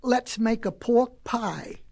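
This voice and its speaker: A woman's voice: high voice, lively intonation, takes it slowly, voice pushed up. A woman voicing whiny, sneaky little wolf nephews in a storybook reading. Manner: whining.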